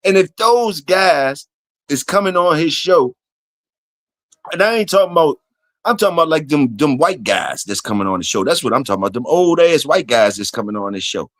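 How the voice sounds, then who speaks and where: A man's voice: a little high, expressive, normal speed, a bit bright, dry recording. A man hosting a casual solo livestream, talking loosely and profanely to his chat and reading comments aloud. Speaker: livestream host.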